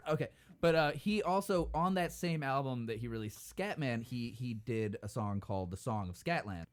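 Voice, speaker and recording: A man's voice: mid-range voice, normal speed. A man co-hosting a comedy podcast, chatting casually with lots of swearing and laughter. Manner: swearing, laughing, lively banter. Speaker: podcast co-host.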